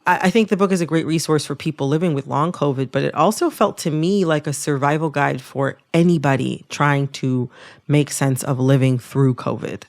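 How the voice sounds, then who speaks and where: A woman hosting a public radio interview, speaking in a thoughtful, personal and measured way. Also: sits low, a little mellow. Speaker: podcast host.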